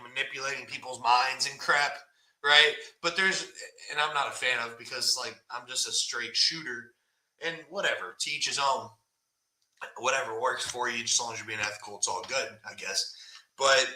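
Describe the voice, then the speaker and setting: A man hosting a podcast, talking bluntly and casually about sales calls, often checking in with "right?". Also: medium pitch. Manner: blunt, fast, animated, says "right?" often. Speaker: podcast host. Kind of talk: casual live-stream coaching talk. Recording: echoey room.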